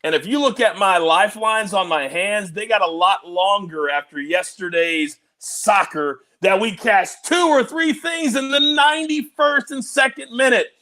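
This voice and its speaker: A man hosting a sports betting show, excitable and teasing, talking over a remote link. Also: high voice, unhurried, hardly any pauses. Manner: excitable, teasing, big swings in loudness. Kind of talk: energetic podcast hosting. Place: on the road, remote.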